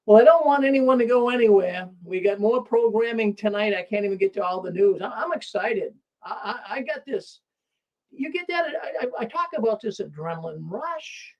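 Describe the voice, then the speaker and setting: Excitable high-voiced male talk show host. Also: creaky, low-quality recording. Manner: excitable, repetitive, stumbling restarts. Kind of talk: live call-in talk show.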